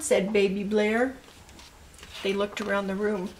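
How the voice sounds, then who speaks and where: A woman's voice: mid-range voice, a little slow, slight background noise. An older woman, a grandmother, reading picture books aloud to her grandchildren and adding asides to them. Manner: animated storytelling with asides to children.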